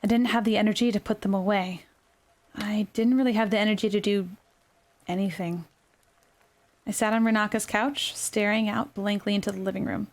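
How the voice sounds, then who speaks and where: Quiet young woman reading a story softly. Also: mid-range voice, a little fast. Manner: quiet, gentle, even narration with small self-corrections. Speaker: storyteller reading her own novel. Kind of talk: soft-spoken ASMR story reading.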